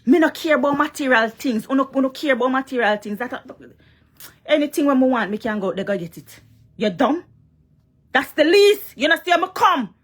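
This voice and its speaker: A woman's voice: sits high, animated, a little fast, fairly bright tone. Scolding Jamaican woman vlogger. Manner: confrontational, scolding, mixes Patois and English. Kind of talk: heated monologue to a rival.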